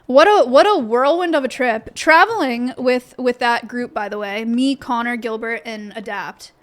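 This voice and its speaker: Chatty young woman with a high voice. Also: normal speed. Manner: rambling, chatty, lots of fillers and restarts. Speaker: livestreamer. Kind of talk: casual chat with stream chat. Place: home office shed.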